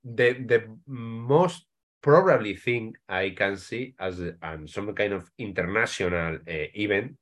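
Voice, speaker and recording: A man from Spain with a Spanish accent, an author guest in a casual interview, speaking English haltingly with many restarts and repeated words. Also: on the low side, fairly bright tone.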